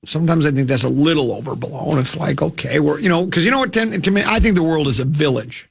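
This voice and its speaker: A man's voice: a little high, fast talker, creaky, slightly rough. A man hosting a sports radio show, rambling and joking in casual studio chat, restarting his sentences often. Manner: rambling, jokey, full of restarts.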